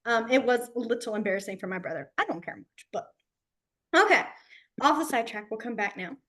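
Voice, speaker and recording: A woman's voice: on the high side, animated, brisk, a bit bright. A woman teaching a beginners' sign language class in a giddy, chatty, enthusiastic way. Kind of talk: casual class instruction.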